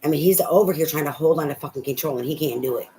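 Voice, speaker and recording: A tarot reader talking through a love reading in a loose, casual way, blunt and full of swearing. The voice sits at an ordinary middle pitch. A faint ambient hum stays underneath. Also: racing, poor audio. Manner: blunt, profane, animated.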